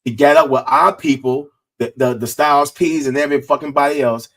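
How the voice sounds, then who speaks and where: Blunt Black podcast host. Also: male voice, a little high, steady tone, brisk, fairly bright tone. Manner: blunt, profane, heated. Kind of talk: casual podcast chat.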